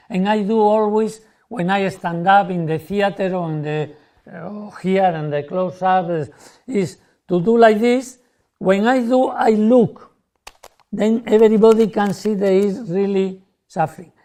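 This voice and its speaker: A man, a magician, explaining a card trick in lively, broken English and acting out how spectators react. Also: sits high.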